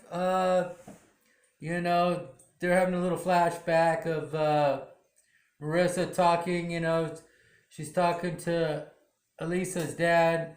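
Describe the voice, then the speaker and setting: A man casually recapping a TV drama episode in a rambling way, full of "you know" fillers. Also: on the high side. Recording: roomy echo.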